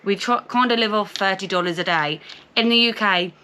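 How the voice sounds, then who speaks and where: A woman's voice: medium pitch, slight background noise. A young woman with a Portsmouth English accent, chatting animatedly and reading viewer comments aloud on a travel vlog. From England. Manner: chatty and animated, quick reactions. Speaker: travel vlogger.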